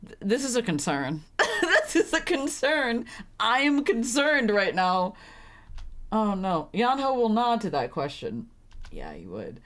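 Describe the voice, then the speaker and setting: A woman's voice: mid-range voice, big pitch swings, measured pace. A young woman streaming a story game, reading lines aloud and reacting with flustered, laughing commentary.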